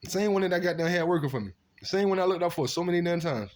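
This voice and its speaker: A man casually telling stories from his past, animated and profane, acting out what people said. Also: high-pitched, racing. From Virginia. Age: adult. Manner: animated, profane street storytelling with acted-out quotes. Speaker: storyteller recounting his past. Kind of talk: casual storytelling monologue.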